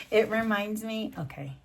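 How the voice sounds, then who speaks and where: Husky, chatty older woman reading aloud. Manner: chatty, laughs often, swoops up high when reading. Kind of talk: casual picture-book read-aloud with chatty asides.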